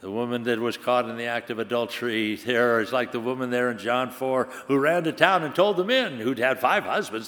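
A man preaching a sermon, dramatic, swinging from loud bursts to hushed tones. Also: mid-range voice, a little fast, few pauses. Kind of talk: sermon with recited poem. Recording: long hall reverb.

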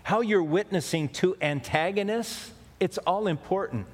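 A pastor giving a conversational sermon, often repeating key phrases for emphasis. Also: male voice, high-pitched, a little slow, in a large hall.

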